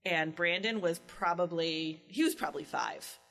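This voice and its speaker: Co-host: middle-aged woman, lively storyteller who acts out quotes, with faint music behind her. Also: on the low side, normal speed, poor audio. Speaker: podcast co-host. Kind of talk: casual chat.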